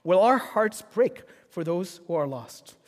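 A man with a high-sitting, expressive voice preaches a sermon as pastor, speaking a little slowly. He is earnest and builds to passionate rhetorical questions amid the long reverb of a church hall.

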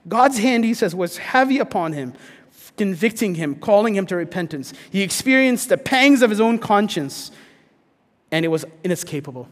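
A man preaching a sermon as pastor, earnest, dropping to a hush and then rising to emphatic points. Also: high-pitched, expressive, moderate pace, big-room sound. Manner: earnest, swings between hushed and emphatic.

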